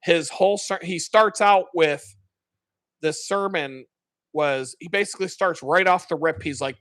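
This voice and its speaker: Bright-voiced man telling a rambling, profane story. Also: fairly high pitch, lively intonation, a little slow, dry recording. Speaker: live-stream host. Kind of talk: casual chat, retelling a sermon.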